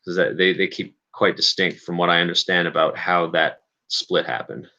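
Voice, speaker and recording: A man's voice: low-pitched, fairly even intonation, normal speed, sharp tone, muffled recording. A man hosting a casual livestream chat, rambling and hesitant, often restarting and correcting himself. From Canada. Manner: rambling, hesitant, self-correcting with many fillers. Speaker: livestream host.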